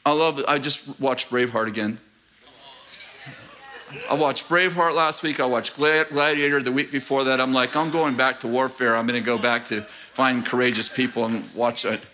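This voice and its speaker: Man, middle-aged, pastor, sermon, church, bright tense tone, animated, rhetorical questions. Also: mid-range voice, normal speed. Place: church sanctuary.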